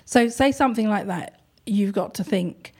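A woman who runs an art gallery, talking in a thoughtful, hesitant way with many pauses and ums. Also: medium pitch, a little mellow, breathy edge. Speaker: gallery owner. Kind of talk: casual conversation.

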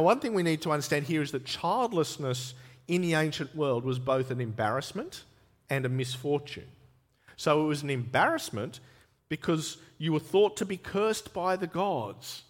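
A man preaching a sermon in a slightly higher voice, bringing scripture to life with slow, emphatic delivery. His voice rings with the long reverb of a church hall. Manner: expressive, dramatizes scripture quotes with emphatic slowing. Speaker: pastor.

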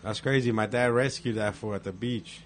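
A man's voice: lowish voice, steady tone, moderate pace. Profane laid-back man telling stories. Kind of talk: casual storytelling chat.

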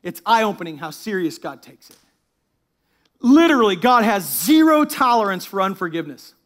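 High-voiced, animated preaching man. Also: normal speed. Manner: animated preaching, drops to a hushed tone when reading scripture; laughs at his own asides. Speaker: pastor. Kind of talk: sermon.

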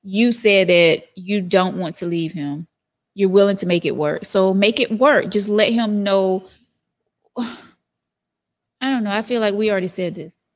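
A woman's voice: mid-range voice, unhurried. Woman co-host, casual chat, frank, laid-back advice-giver. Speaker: podcast co-host giving advice.

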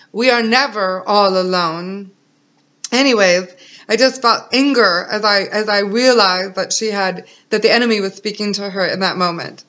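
Earnest bright-voiced woman giving testimony. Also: mid-range voice. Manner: earnest, emotional, encouraging. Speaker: mother sharing a testimony. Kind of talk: personal faith testimony. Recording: dull lo-fi recording.

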